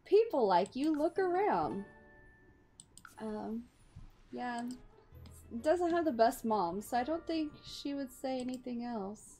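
A young woman chatting over a life-sim game, excitable, exclaiming and laughing at what happens on screen. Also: high-pitched, slow, long pauses, faint music behind. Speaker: gaming YouTuber. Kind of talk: casual game commentary.

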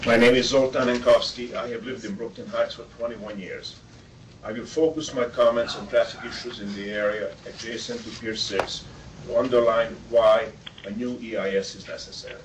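A man reading a measured, detailed statement as a public commenter at a board meeting. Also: mid-range voice, fairly even intonation. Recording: distant mic, faint room noise.

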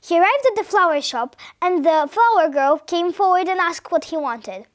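Woman storyteller; high voice, very animated delivery. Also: normal speed. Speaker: story reader. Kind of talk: read-aloud storytelling.

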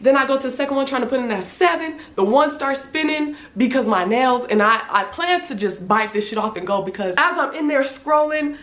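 A woman in her twenties telling a casual storytime, animated and slangy, with lots of filler words and cursing. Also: high voice, a little fast, few pauses. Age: 20s. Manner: animated, slangy, swears freely, many "like" fillers. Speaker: vlogger. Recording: echoey room.

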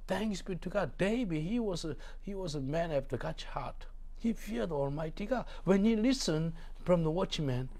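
A man's voice: on the high side, animated, normal speed, warm tone. A man preaching a sermon in non-native English with broken grammar. He is emphatic, repeats his phrases and asks the congregation to answer back.

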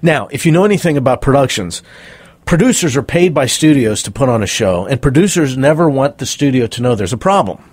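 A middle-aged man, a performance coach, spins anecdotes with lively, swooping pitch. His voice is a little husky and sits close and dry on the microphone. He slips into the voices of the people he quotes. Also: fairly quick, no room sound. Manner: animated storyteller acting out quoted voices. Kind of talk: interview storytelling.

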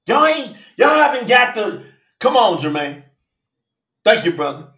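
A channel host preaches an impassioned livestream sermon at an unhurried pace, his high, bright voice swooping lively up and down. He shouts often and addresses viewers by name, with a roomy echo around his voice.

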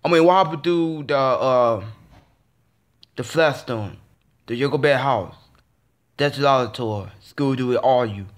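A man's voice: medium pitch, slow pace, long pauses. A young man ranting in a casual vlog, frustrated and swearing, with many stumbling restarts and repeated phrases. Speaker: vlogger.

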